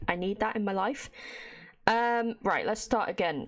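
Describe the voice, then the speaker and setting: A woman's voice: medium pitch, a little slow. A woman livestreaming a game, chatting casually to her viewers and reading the in-game notes and letters aloud. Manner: chatty, talks to her chat and reacts as she plays.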